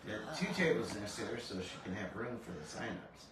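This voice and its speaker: A man's voice: on the low side, lively intonation, a little fast, fairly bright tone, echoey room. Wisecracking man heard from far off. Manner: wisecracking side remarks. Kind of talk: casual chat.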